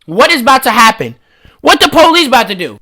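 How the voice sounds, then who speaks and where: A man hosting a reaction video, giving loud, incredulous, slang-heavy comedic commentary. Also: very high-pitched, sing-song, fast talker.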